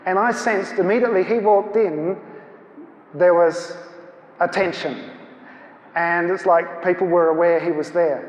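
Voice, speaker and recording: High-voiced man telling a story. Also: a little slow, pauses often. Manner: storytelling, acts out dialogue. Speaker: guest speaker. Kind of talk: anecdotal talk at a church seminar. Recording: echoey hall.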